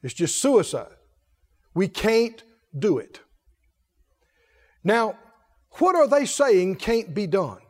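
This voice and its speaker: A man preaching a sermon, asking the congregation question after question in a folksy, animated way. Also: sits high, takes it slowly, long pauses. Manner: folksy, laughs between points. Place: church. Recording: echoey hall reverb.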